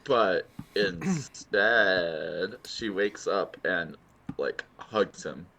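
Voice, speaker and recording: A man's voice: deep voice, sharp tone, slight background noise. A man co-hosting a podcast in casual chat, chiming in with short agreements and adding plot details. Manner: slow, interjecting short agreements. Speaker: podcast co-host. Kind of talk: casual chat recapping an episode.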